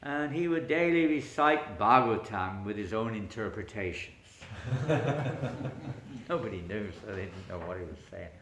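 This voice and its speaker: A man's voice: on the low side, moderate pace, slight background noise. Man telling a story in a lecture. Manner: animated, chuckling storyteller. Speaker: spiritual teacher. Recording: echoey room.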